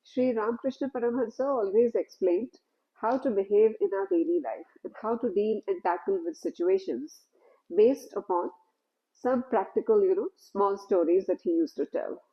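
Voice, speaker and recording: A woman telling a devotional story in a gentle, measured way, with "you know" asides. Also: medium pitch, lo-fi sound.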